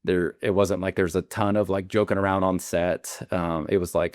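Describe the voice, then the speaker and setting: A man's voice: low-pitched, steady tone, moderate pace, no room sound, studio quality. A man, a beekeeper guest telling stories in a rambling way, full of fillers and restarts. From Alabama. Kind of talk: casual interview storytelling.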